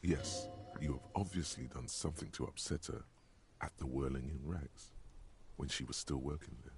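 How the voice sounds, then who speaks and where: A man's voice: extremely low pitch, moderate pace, music in the background. A man voicing the sardonic, commanding inner voice of a male detective in a video game.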